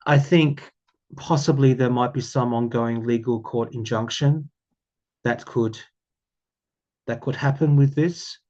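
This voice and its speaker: An Australian man talks through a tarot spread in an unhurried, musing way. He repeats himself, fills pauses with ums and the odd soft laugh. The recording sounds slightly dull and lo-fi. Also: mid-range voice, fairly even intonation. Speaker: tarot reader. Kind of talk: casual tarot reading to camera.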